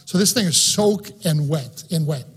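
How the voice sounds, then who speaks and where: A man's voice: on the high side, animated, moderate pace, slightly rough. A man preaching a sermon, reading scripture aloud and then preaching on it with rising fervor.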